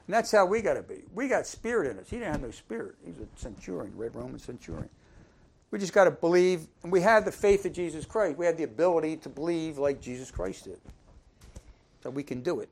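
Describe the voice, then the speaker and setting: Guy giving a laid-back sermon, asks the room stuff, goes loud then quiet, average pitch. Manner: conversational, folksy, fillers, asks congregation questions; loudness swings from emphatic to quiet asides. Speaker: preacher. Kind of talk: informal sermon.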